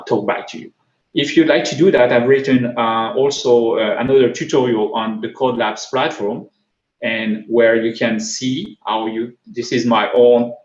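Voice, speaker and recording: Male conference speaker, French accent, hesitant delivery full of fillers, mid-pitched, roomy and slightly dull recording. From France. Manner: halting, frequent repeats and fillers. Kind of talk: technical conference talk.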